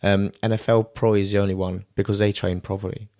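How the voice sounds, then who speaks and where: A young man with an Italian accent talks in a somewhat low voice. He is a strength coach chatting on a podcast, blunt and profane, and he mimics the people he quotes. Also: flat delivery, brisk, a little mellow. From Italy. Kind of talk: casual podcast chat.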